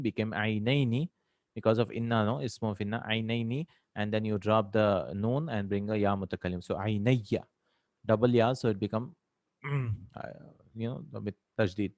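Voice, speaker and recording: A man's voice: fairly low pitch, dry recording, studio quality. A man teaching an Arabic grammar lesson, explaining terms step by step and often checking with "right?".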